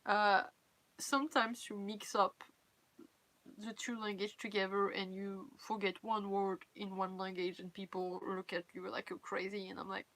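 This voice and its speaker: A woman's voice: mid-range voice, level tone, normal speed, fairly bright tone. A young woman from France with a French accent, chatting casually and candidly on a live stream in English, her second language. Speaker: cosplay livestreamer.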